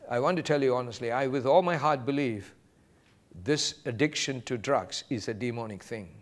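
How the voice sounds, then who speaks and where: A man preaching a sermon as pastor, quoting scripture and acting out short exchanges with animated delivery. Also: medium pitch.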